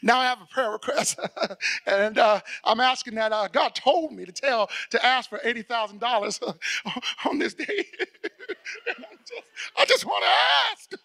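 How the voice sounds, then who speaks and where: A middle-aged man preaching a sermon as pastor, telling a story, acting out the people in it and shouting for emphasis. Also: very high voice, very animated, a little slow.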